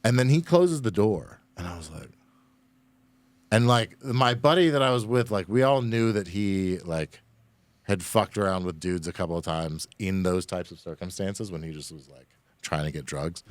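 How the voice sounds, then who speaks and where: A man's voice: low voice, moderate pace, dry recording. A man casually telling a rambling, profane story on a podcast, full of fillers. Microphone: studio microphone.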